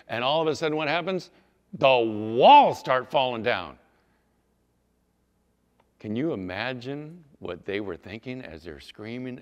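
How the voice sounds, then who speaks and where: A man preaching a sermon as a pastor, telling the story with animated, acted-out storytelling. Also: mid-range voice, lo-fi sound. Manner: animated storytelling, acting out scenes. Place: church sanctuary. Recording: long hall reverb.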